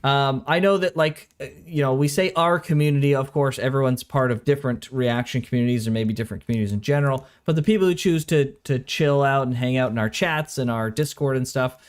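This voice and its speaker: A relaxed man co-hosting a livestream from a home recording room, his voice sitting at an ordinary middle pitch. He rambles in a loose, casual way and swears without fuss. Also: quick pace, hardly any pauses, clear, resonant tone. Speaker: co-host of an anime reaction stream. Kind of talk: casual chat.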